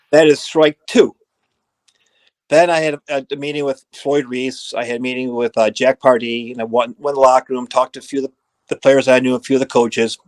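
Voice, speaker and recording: A middle-aged man, a former assistant equipment manager, telling lively anecdotes and acting out the dialogue. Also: mid-range voice, no room sound. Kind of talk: storytelling in a podcast interview.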